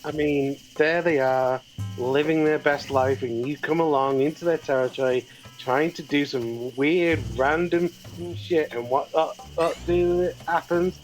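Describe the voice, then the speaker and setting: Brief: male stream guest, dry teasing banter, slightly high-pitched. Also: fairly even intonation, measured pace, faint music behind, poor audio. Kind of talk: casual gaming chat.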